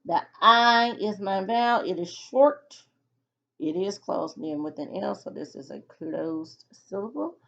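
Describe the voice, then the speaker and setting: A woman's voice: mid-range voice, unhurried, creaky, a bit bright, highs cut off. A woman teaching a phonics lesson to children, patiently sounding out letters and syllables one by one.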